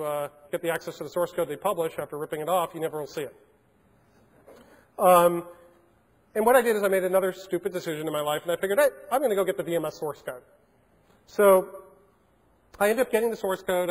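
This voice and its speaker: High-voiced man telling stories in a reverberant hall. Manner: animated, acts out phone calls in changed voices, frequent restarts. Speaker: keynote speaker. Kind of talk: storytelling keynote talk. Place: large conference hall.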